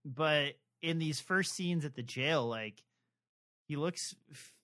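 A man co-hosting a podcast, talking casually and haltingly with many fillers and restarts. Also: fairly high pitch, a bit bright. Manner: rambling, hesitant, lots of fillers and restarts. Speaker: podcast co-host. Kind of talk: casual chat about a TV adaptation.

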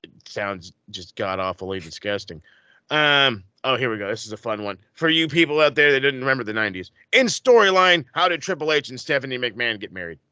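A man asking wrestling trivia in a casual podcast chat, excitable and profane with rambling asides. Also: mid-range voice, a little fast, clean tone, no echo. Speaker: trivia quizmaster.

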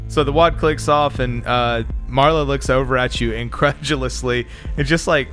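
A man's voice: mid-range voice, fairly even intonation, normal speed, fairly bright tone, faint music behind. Man narrating as game master.

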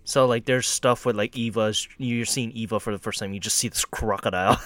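A man chatting casually about a video game, excitable and laughing often, tripping over his words. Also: on the low side, brisk, no room sound. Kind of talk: casual gaming chat.

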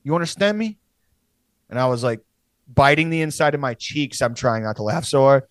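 A man's voice: medium pitch, brisk, no room sound. A young man telling a rambling, profane story in casual podcast chat, laughing as he goes.

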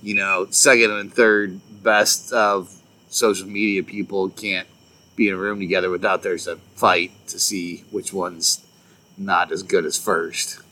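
A man's voice: deep voice, level tone, measured pace, pushed and bright, a little hiss or hum, low-quality recording. A man co-hosting a podcast in casual chat, telling stories and acting out his friends' lines with plenty of swearing. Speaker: podcast co-host.

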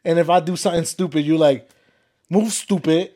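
He's a podcast co-host chatting casually with his partner, and he laughs often while slipping into loose slang. His voice leans high, with a warm, steady tone and a quick pace.

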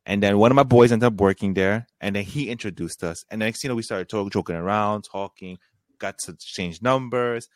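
A man's voice: fairly low pitch, a little fast, no room sound. Laid-back young man telling a story. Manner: laid-back, slangy storytelling, acting out both sides of a conversation. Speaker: podcast co-host. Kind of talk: casual storytelling chat.

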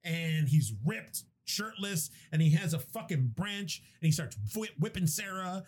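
A young man animatedly retelling a film to a co-host, his voice sitting a little higher than the average man's. He talks casually and swears freely, rambling and restarting as he goes. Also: unhurried. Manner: animated, profane movie retelling. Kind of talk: casual chat.

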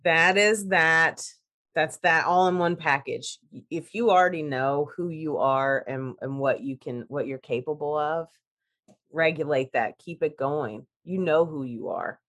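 Lowish-voiced lady cohosting, chatty, laughs a lot, restarts sentences. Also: a little slow, a bit bright. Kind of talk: casual chat.

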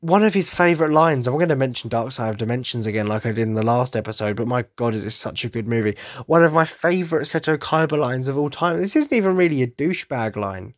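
A man's voice: mid-range voice, expressive, no room sound, clean studio sound. A young man, gushing enthusiastically in a casual solo podcast monologue. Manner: enthusiastic fan gushing, quick asides. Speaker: podcast host.

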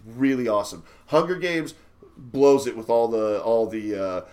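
A man on a casual movie podcast, rambling and swearing as he recounts a film. He stops and restarts often, then bursts into excited praise. His voice sits at a middling pitch for a man. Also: normal speed. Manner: rambling, swearing, stop-start enthusiasm. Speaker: podcast co-host.

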